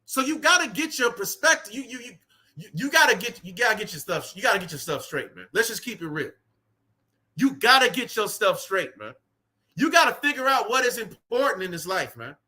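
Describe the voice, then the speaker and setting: Preaching with fervor outside in the cold, a street preacher reads scripture aloud, repetitively dropping "man" and "right" between lines. His extremely high voice sounds pushed and bright.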